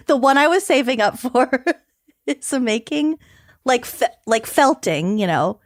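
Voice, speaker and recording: A woman in her thirties co-hosting a podcast, giggly and animated in casual chat. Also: sits high, slow, no room sound, studio quality. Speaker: podcast co-host.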